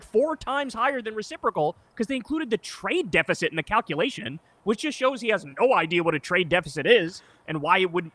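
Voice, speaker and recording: Man, political commentator, indignant, rapid talk, dry close sound. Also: high voice, fairly bright tone, no echo. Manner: emphatic, indignant, profane. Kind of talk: animated political discussion.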